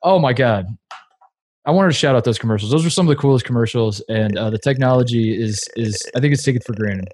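A man's voice: mid-range voice, quick pace, a little mellow, no room sound. A man co-hosting a casual podcast, rambling with lots of fillers and laughing easily. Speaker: podcast co-host. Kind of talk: casual chat.

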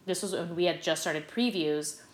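A middle-aged woman, a stage actress, telling stories as a guest in a casual interview, animated and full of fillers. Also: on the low side, normal speed. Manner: animated, chatty, lots of fillers. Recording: roomy echo.

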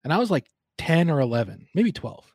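A man's voice: fairly high pitch, big pitch swings, brisk, a little mellow, no room sound. A young man, a sports broadcaster, chatting casually and retelling a story with lots of fillers.

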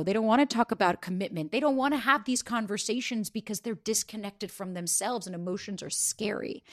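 Fast-talking woman dating coach. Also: mid-range voice. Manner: fast, animated, acts out quotes in voices; casual swearing. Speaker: dating coach, podcast guest. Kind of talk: candid interview talk.

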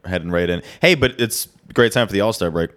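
A man co-hosting a casual sports podcast, joking around and laughing often, now and then jumping into high put-on voices. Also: animated, fast talker, fairly bright tone, clear, resonant tone. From United States. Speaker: podcast co-host. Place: hotel or studio room, recording away from home.

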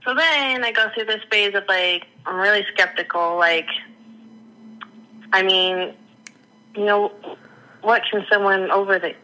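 A woman's voice: medium pitch, a little slow, pauses often, pushed and bright, rough recording. A woman who is a guest on the podcast, talking candidly and laughing often in a casual interview. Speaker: podcast guest, former coaching client.

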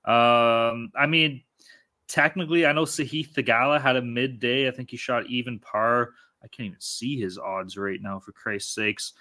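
A man's voice: medium pitch, moderate pace, sharp tone. A man hosting a podcast in casual sports betting chat, loose, profane and hyped-up. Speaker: podcast host.

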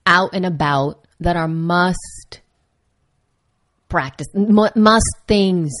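A woman co-hosting a podcast, upbeat and lively as she steers the chat over a video call. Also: on the low side, slow pace. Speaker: podcast co-host. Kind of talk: casual chat.

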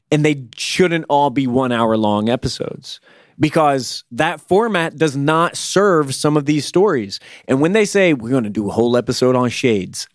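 A man chats with a friend in a casual, animated way. He repeats words as he restarts his thoughts. The sound is close and dry, with no room around it. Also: mid-range voice, dry recording. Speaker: co-host discussing TV shows. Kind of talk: casual chat.

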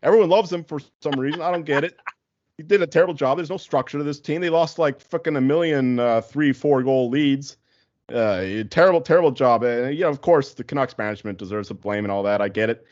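A man co-hosting a casual sports podcast, ranting loudly and swearing freely. The sound is dry and close, with a dull, lo-fi tone. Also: mid-range voice, fairly quick, dry recording. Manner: profane, ranting, animated. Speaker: podcast co-host.

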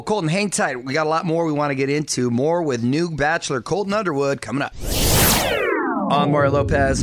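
A middle-aged man hosts a radio interview with friendly, brisk energy. His voice is recorded dry and close in the studio. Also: mid-range voice, dry recording. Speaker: radio show host. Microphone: studio microphone.

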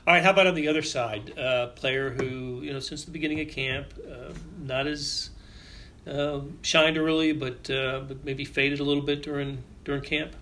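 A man co-hosting a sports podcast, talking casually and haltingly, repeating words while he searches for the right phrasing. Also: a little high, fairly even intonation, pushed and bright, a little hiss or hum. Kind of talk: casual sports analysis chat.

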